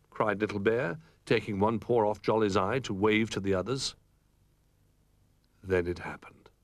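A man reading a children's picture book aloud in an expressive, animated way. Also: medium pitch. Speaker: storyteller.

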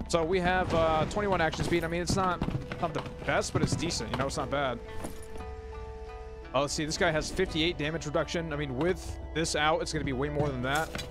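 A man's voice: a little high, steady tone, a little fast. A man streaming a game, chatting casually, ranting and swearing at chat. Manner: swears and rants, talks to chat. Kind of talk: casual gaming commentary. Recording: game music loud behind.

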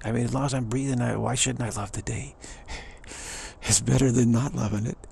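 A middle-aged man with a strongly gravelly, fry-laden voice talks through a rambling, upbeat pep talk. He repeats his points with eager enthusiasm. A faint hiss of noise sits under the recording. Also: medium pitch, fairly even intonation, a little fast, darkish tone. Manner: enthusiastic, repetitive, chuckling often. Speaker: speaker giving a pep talk. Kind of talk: rambling motivational monologue.

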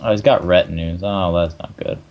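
A man's voice: deep voice, steady tone, fairly quick. A young man, hosting a let's play in casual, joking chat, swearing and laughing often. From Canada. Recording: dull lo-fi mic.

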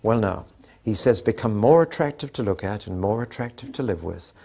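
A man's voice: on the low side, lively intonation, a little fast, gravelly, darkish tone. An older man preaching a sermon, telling anecdotes with dry humour and acting out the dialogue.

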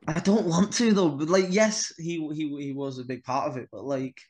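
A man's voice: a little high, moderate pace, darkish tone. A young man, a wrestler guest on a podcast, telling a story in casual chat, swearing freely and acting out the dialogue.

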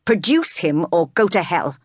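A woman reading as a stern, brooding gentleman. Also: on the low side, big pitch swings, unhurried, husky, no room sound, studio quality, heavily acted. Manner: growling, commanding. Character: stern, brooding gentleman, middle-aged man.

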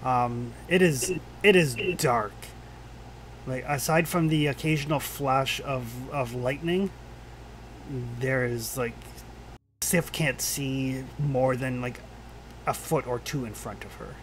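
A man narrating a tabletop game as game master, pausing often with "uh" while he describes each scene. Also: medium pitch, slight background noise. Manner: halting, lots of "uh" and restarts while describing scenes.

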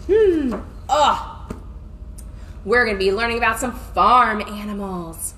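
Bright high young woman doing kids storytime, bouncy sing-song voice, slow and drawn out, faint hum behind. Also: expressive. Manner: sing-song, gasping, playful and exaggerated. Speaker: children's class teacher. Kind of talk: storytime and movement class for small children.

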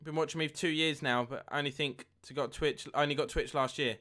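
A young man live-streaming a football game, chatting with viewers and getting excited at near misses. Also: a little high, a little fast. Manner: chatty, reads chat aloud, excitable at goals. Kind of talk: live gameplay commentary and chat.

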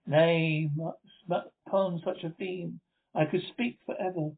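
A man's voice: a little high, fairly even intonation, unhurried. A man voicing an earnest, devoted young suitor in impassioned speech, on a tinny lo-fi recording. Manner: impassioned, declaiming.

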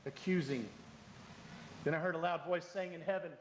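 A middle-aged man preaching a sermon as pastor, animated and humorous, acting out the voices he quotes. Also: fairly high pitch, moderate pace, a little hiss or hum. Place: church sanctuary. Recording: echoey hall.

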